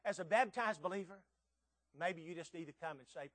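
A man's voice: high-pitched, fairly quick, fairly bright tone, no echo. A man preaching a sermon, earnest and emphatic, with pressing rhetorical questions.

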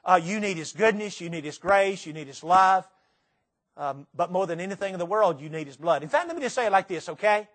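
A Southern preacher with a notably high voice delivers a sermon in a church. He speaks earnestly and repeats his points, slowing down to press each phrase home. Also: lively intonation, fairly bright tone. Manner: earnest, repetitive, slow emphatic phrases. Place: church sanctuary.

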